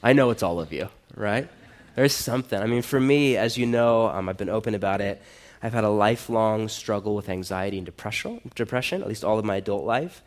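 A man's voice: on the low side, brisk. A man preaching a sermon in a church, earnest and conversational, building to emphatic exhortations. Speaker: pastor.

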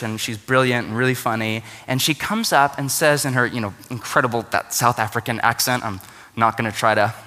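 A man's voice: mid-range voice, sharp tone, long reverb tail. A man preaching a sermon to his church, conversational and joking in his asides. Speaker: pastor.

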